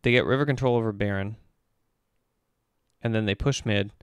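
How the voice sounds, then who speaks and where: A man who works as an esports performance coach gives casual, animated commentary as he breaks down a game replay step by step. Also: fairly low pitch, normal speed, clean tone, dry recording, studio quality.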